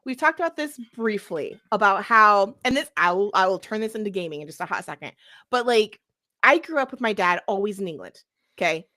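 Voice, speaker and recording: Animated bright-voiced woman. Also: medium pitch, fairly quick. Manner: animated, laughs often. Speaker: game master and podcast co-host. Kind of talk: casual chat.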